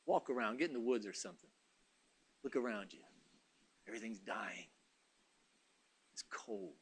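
A man preaching a sermon, dropping to hushed murmurs and then rising to excited shouts, repeating phrases for emphasis. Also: fairly low pitch, slightly rough.

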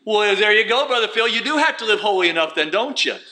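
A man preaching a fervent sermon, dropping low and then rising to shouts. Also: expressive, fast talker. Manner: fervent, swings from quiet to shouting.

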